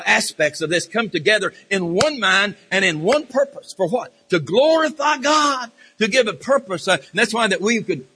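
A man's voice: fairly high pitch, pushed and bright, breathy edge. A man preaching a sermon with passion, often stumbling and restarting his phrases. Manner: impassioned, halting with repeated restarts and fillers. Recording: reverberant hall.

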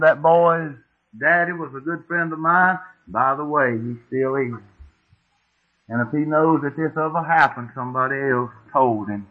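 Folksy preacher on tinny tape. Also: male voice, fairly high pitch. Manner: folksy, homespun, asks the congregation questions. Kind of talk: sermon storytelling. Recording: tinny phone-like old tape.

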